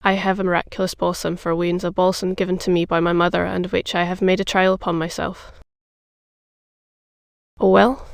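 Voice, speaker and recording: A narrator reads a bold young Gascon swordsman in a storybook duel scene. He speaks with careful, formal courtesy. The delivery stays even, with a smooth, gravelly tone. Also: mid-range voice, normal speed, no room sound, studio quality, natural voice.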